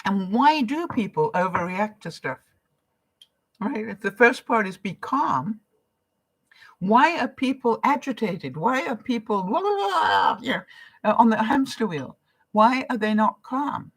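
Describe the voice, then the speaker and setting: A woman's voice: mid-range voice, lively intonation, a little slow, breathy edge. An older woman from Canada, a vlogger chatting casually on a live stream, reading out viewer comments and encouraging them between laughs.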